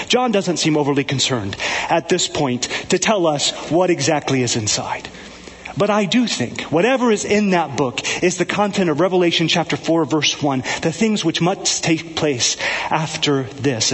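A man preaching a sermon with a high voice and an unhurried delivery. He swings from loud, ringing cries to hushed, low passages. His words trail off into the long reverb of a large hall.

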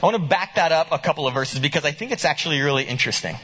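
A man preaching a sermon, reading scripture aloud and pressing his listeners with animated, emphatic questions. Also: on the high side, rapid-fire, a little hiss or hum. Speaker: pastor.

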